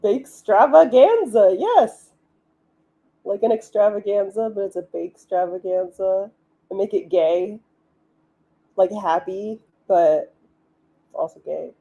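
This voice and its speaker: A woman talks casually on a live stream, giggly and loose, packing her sentences with "like." Her voice sits in an ordinary middle range with a soft, mellow tone. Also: medium pitch, steady tone, a little slow, vocal fry, long pauses, muffled recording. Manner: chatty, giggly, many "like" fillers. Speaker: livestream host, author.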